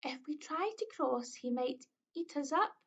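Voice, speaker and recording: A woman's voice: sits high, expressive, measured pace. A woman with a Scottish accent voicing the middle-sized billy goat, doubtful and fretful. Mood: worried. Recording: dull lo-fi recording.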